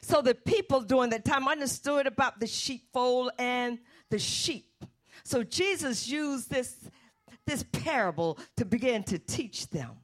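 A woman's voice: high-pitched, lively intonation, measured pace. A woman preaching a fervent sermon and calling on the Holy Spirit as she speaks.

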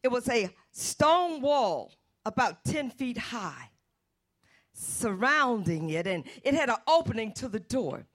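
A woman's voice: fairly high pitch, big pitch swings, takes it slowly. A woman preaching a fervent sermon and calling on the Holy Spirit as she speaks.

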